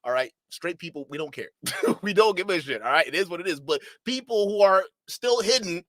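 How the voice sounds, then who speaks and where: A man's voice: high voice, lively intonation, a little fast, a bit bright, no echo. A man streaming live reaction commentary, laughing constantly and repeating himself in disbelief as he talks to his chat.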